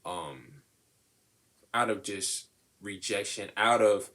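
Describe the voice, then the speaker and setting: A young man co-hosting a podcast, talking casually about relationships in an animated, slangy way, acting out the voices of people he quotes. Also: lowish voice, takes it slowly. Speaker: podcast co-host.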